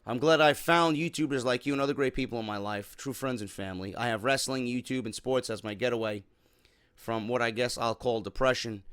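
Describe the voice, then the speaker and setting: A man's voice: mid-range voice, fairly bright tone, dry recording, clean studio sound. A man hosting a wrestling show, reading a viewer's letter aloud and replying in a casual, sympathetic way, with many fillers and "man" tacked onto his sentences. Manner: casual, filler-heavy, says "man" often.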